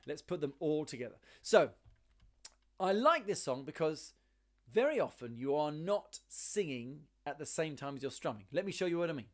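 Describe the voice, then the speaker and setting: A man's voice: a little high, very animated, moderate pace. A man teaching a ukulele lesson, encouraging, counting beats aloud and singing along. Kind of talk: online music lesson.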